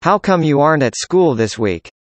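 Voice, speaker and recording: Speaker doing practice conversation lines, plain even delivery, dry close sound. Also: medium pitch, moderate pace, dry recording. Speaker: dialogue reader.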